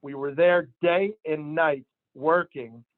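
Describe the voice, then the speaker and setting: A man, a sales division manager, telling an emphatic, animated motivational story to his team. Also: fairly high pitch, takes it slowly, dry recording. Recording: tinny phone-line sound, dry.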